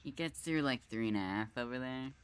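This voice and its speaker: A man's voice: medium pitch, brisk, smooth. A man streaming a video game live, thinking aloud and swearing often as he works through the level. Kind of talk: live gameplay commentary.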